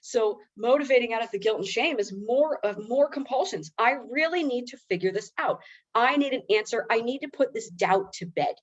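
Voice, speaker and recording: A woman's voice: on the high side, lively intonation, normal speed, husky. A woman presenting in a webinar, telling a personal story in a candid, self-mocking, conversational way. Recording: slightly dull lo-fi webinar audio.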